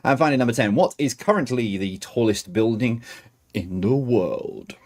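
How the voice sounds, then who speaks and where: Man hosting a quiz, lively pitch. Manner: reads questions slowly, with rambling chatty asides. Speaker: quiz host. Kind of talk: hosting a livestream pub quiz.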